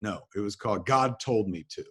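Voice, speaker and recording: A man from New Jersey, a guest in an interview, telling animated anecdotes in casual talk and swearing freely. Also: lowish voice, a little fast, crowd noise. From New Jersey, USA. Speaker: interview guest, filmmaker and comics writer.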